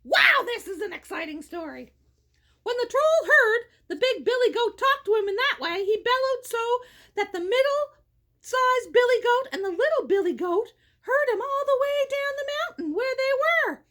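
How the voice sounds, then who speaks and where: A woman's voice: very high-pitched, lively intonation, moderate pace, a bit bright. A woman from Canada reading a children's story aloud, wandering into jokey, rambling asides. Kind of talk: casual read-aloud storytelling.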